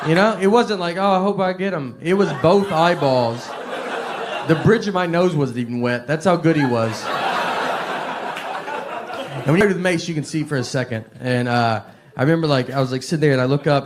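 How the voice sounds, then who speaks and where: Deadpan Tennessee man doing stand-up. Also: mid-range voice, background noise. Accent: Southern US, Tennessee. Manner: deadpan, understated drawl, frequent filler words. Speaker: stand-up comedian. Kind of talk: stand-up comedy storytelling.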